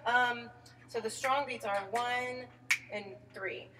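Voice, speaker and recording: A woman's voice: on the high side, fairly even intonation, slow. A woman teaching a singing lesson, coaching a student and singing phrases to show how they go. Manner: coaching, demonstrating sung phrases. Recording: distant mic with piano.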